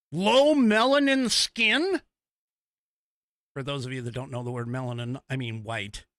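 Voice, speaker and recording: A fired-up man delivers a podcast monologue with a forceful, bright edge and a voice that swings widely up and down. He rants and swears openly, and the sound is dry, close and free of room echo. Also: very high-pitched. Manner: angry, profane ranting. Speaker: podcast host.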